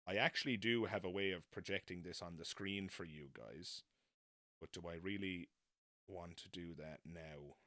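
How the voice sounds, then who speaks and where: Deep-voiced man rambling on a live stream. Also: moderate pace, bright, forceful tone, dry recording, clean studio sound. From not American. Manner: chatty, self-deprecating, tangent-prone. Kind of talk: casual rambling live chat.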